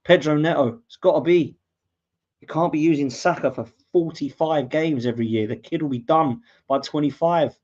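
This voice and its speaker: An English man hosts a live watchalong and talks through the match as it happens, his voice a touch high. He erupts into shouts when the team scores. The sound is muffled and lo-fi. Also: moderate pace. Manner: excitable, shouts at goals, reads out viewer comments. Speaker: podcast host doing a live watchalong. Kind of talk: live match commentary and fan reaction. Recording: dull lo-fi mic.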